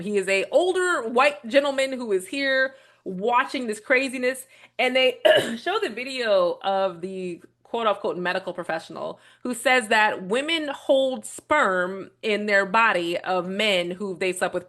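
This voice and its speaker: A woman hosting a casual video commentary, talking bluntly with strong opinions and swearing freely as she rambles through her points. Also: mid-range voice. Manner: rambling with restarts, animated retelling. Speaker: vlog host reviewing a documentary.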